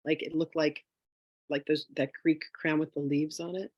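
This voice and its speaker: A woman telling a personal story in a casual, animated way as a spiritual wealth teacher, with lots of fillers. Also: sits low, normal speed, breathy edge, dry recording, lo-fi sound. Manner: animated, chatty, with frequent fillers; emotional, near tears.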